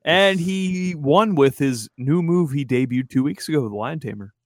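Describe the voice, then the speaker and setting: A man co-hosting a casual podcast, relaxed, trailing off into wry asides. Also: a little high, moderate pace, no room sound, studio quality. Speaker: podcast co-host. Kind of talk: casual chat.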